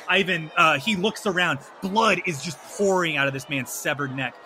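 A man narrating a tabletop game as game master, with animated, slapstick delivery. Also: fairly high pitch, moderate pace, noisy background.

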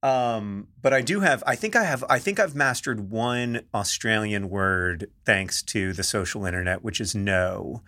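A man's voice: fairly low pitch, measured pace, hardly any pauses, sharp tone. A middle-aged man co-hosting a podcast, chatting casually with a wry, dry sense of humor. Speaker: podcast co-host.

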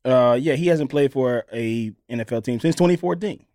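A man's voice: mid-range voice, no room sound, studio quality. A man in his thirties co-hosting a sports podcast, chatting casually and telling stories with lots of laughter. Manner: animated, laughing, quick storytelling. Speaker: podcast co-host.

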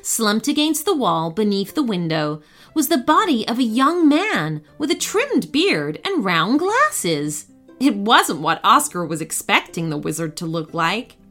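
A woman narrating a children's bedtime story with expressive, animated storytelling. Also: on the high side.

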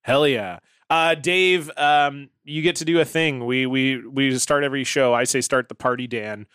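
A man's voice: mid-range voice, steady tone, normal speed, a bit bright, clean tone, no room sound, studio quality. A man hosting a podcast, joking around in loose, playful banter with his co-host and guest. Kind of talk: casual chat.

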